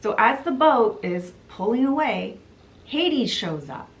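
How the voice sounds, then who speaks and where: A woman vlogger walks through a book's plot in an easygoing, conversational way. Her voice sits a touch high and she takes her time, leaning on casual fillers as she goes. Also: big pitch swings, takes it slowly, poor audio. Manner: chatty, uses "she's like" and "you know"; gets emotional while retelling. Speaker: book vlogger. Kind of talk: casual book summary retelling.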